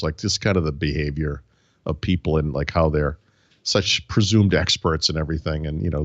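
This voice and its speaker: A man with a very low, deep voice chats on a tech podcast, circling his point with frequent restarts. The mic sound is dry and close, and the recording is slightly dull. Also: dry recording. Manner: rambling, many false starts and restarts. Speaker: podcast co-host. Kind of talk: casual tech podcast chat.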